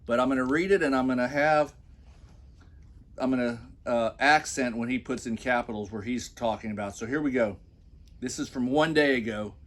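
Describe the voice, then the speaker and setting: A commentary vlogger with a mid-range voice reads a post aloud from his phone at normal speed. He mocks it throughout with sarcastic, scornful asides.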